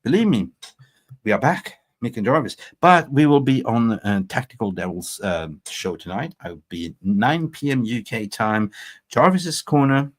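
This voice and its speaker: Rambling, animated football livestream host man. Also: mid-range voice, moderate pace. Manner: animated, rambling, laughs at own jokes. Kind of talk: casual livestream chat.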